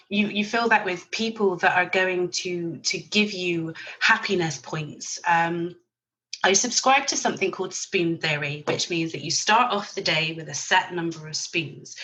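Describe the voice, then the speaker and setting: Podcast guest: bright, forceful woman, blunt and chatty. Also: lowish voice, poor audio. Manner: chatty and blunt, sprinkles in mild swearing and laughs. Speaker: podcast guest, virtual assistant business owner. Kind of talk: casual podcast chat.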